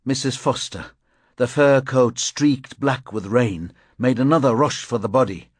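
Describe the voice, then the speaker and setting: Male audiobook narrator, measured, grim, slow pace, dry close recording. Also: medium pitch, no echo. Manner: measured, grim, deliberate delivery. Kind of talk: scripted first-person narration.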